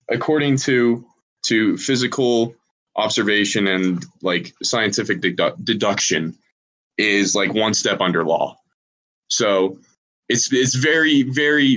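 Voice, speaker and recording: A man with a lowish voice talks through an idea in loose, casual chat. He stops and restarts often and swears freely as he goes. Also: pushed and bright, rough recording. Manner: halting, many restarts and swearing. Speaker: podcast guest explaining a theory. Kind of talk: casual group chat on a call.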